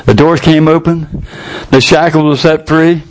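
A man's voice: fairly high pitch, fairly even intonation, unhurried, slight background noise. An older man preaching a sermon, retelling scripture in a folksy, colloquial way with rising fervor.

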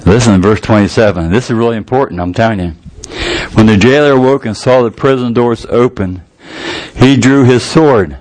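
A man's voice: mid-range voice, moderate pace, a little mellow. An older man preaching a sermon, retelling scripture in a folksy, colloquial way with rising fervor.

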